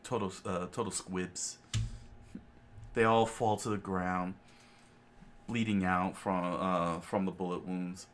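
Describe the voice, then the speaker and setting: A man reads a comic story aloud in a low, unhurried voice. He talks casually, with fillers and offhand asides, over a faint background hiss. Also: flat delivery, fairly bright tone. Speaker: reader.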